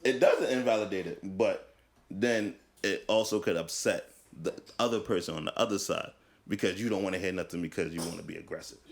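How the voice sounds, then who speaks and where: A man co-hosting a podcast in casual chat, arguing his point with quick interjections. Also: sits low. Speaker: podcast co-host.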